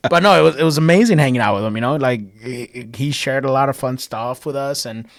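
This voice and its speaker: A man's voice: mid-range voice, a little fast. Laughing, swearing podcast co-host man. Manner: animated storytelling, acts out quotes with loud laughing shouts; swears casually. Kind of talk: casual chat. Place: Chicago.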